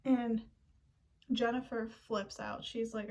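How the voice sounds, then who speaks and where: A young woman casually recapping a movie, chatty and animated, with lots of fillers. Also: fairly high pitch, takes it slowly, distant mic, low-quality recording. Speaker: movie reviewer.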